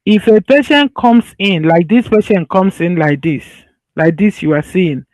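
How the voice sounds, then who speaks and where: Speaking at a measured pace, a high-voiced man with a darkish tone lectures on medicine over slides. He's conversational and loose, often restarting, and he repeats points to help them stick.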